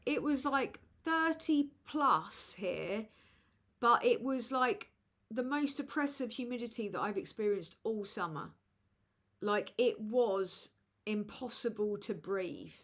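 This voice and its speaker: A woman hosting a live chat with viewers, rambling and halting with many fillers, tired and low. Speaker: livestream host.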